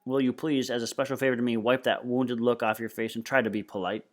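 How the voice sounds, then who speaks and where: A man reading aloud, voicing a prim, proper elderly grandmother who speaks softly and politely. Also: medium pitch, little pitch movement, quick pace, natural voice. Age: older.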